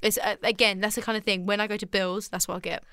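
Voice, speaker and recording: A young woman co-hosting a casual student podcast, playful and quick to laugh. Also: mid-range voice, little pitch movement, sharp tone, clear, resonant tone, dry recording, clean studio sound. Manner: giggly, playful, picks up on funny words. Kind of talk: casual chat.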